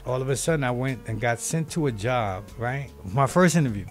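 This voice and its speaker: Male guest, 50s: mid-range pitch, lively streetwise storyteller, faint music bed. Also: a little fast. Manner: animated storyteller, streetwise phrasing. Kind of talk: casual talk-show conversation.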